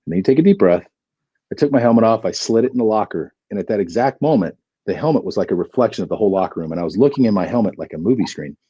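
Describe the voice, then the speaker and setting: A man in his forties, a podcast guest, telling an animated story with plenty of energy and acting out the dialogue. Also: on the low side, rapid-fire, slightly rough, no room sound, highs cut off.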